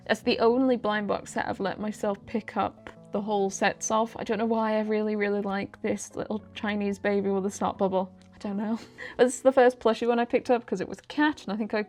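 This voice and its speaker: A young woman, chatting casually through a shopping haul, rambling and poking fun at herself. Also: mid-range voice. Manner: chatty, self-deprecating, rambling asides. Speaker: vlogger.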